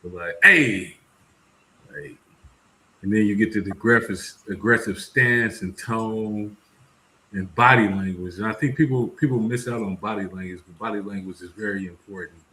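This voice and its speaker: A man's voice: on the low side, fairly even intonation, a little fast, bright, forceful tone. A man talking reflectively in casual group conversation, swearing casually as he builds his point. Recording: echoey room, faint noise.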